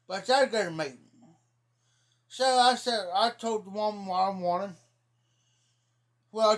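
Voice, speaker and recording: High-voiced middle-aged guy from ohio rambling through folksy stories on his stream. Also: fairly bright tone. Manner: rambling folksy storyteller, repeats "I said". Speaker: livestream host. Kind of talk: casual storytelling chat.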